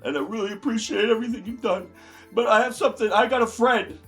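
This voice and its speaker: A man playing an emotional male clown employee in an improvised comedy sketch, rambling on and bursting into shouted bits. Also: high-pitched, fast, faint music behind. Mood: earnest.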